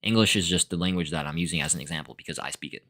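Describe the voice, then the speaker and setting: A man's voice: low voice, very fast, sharp tone. A young man giving a casual, rambling solo talk as a podcast host, full of fillers, restarts and laughs. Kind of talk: casual monologue on language and philosophy.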